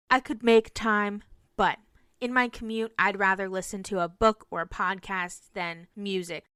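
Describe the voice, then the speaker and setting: A woman's voice: mid-range voice, pushed and bright, clear, resonant tone, dry recording. A young woman teacher hosting a solo podcast, explaining classroom strategies in an earnest way. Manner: earnest, explanatory, demonstrates phrases.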